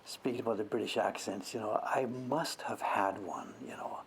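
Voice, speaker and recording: A man's voice: lowish voice, sing-song, moderate pace, creaky, slight background noise. An older man from Canada chatting casually on a livestream, rambling as he works on a carving. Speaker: woodblock printmaker streaming live.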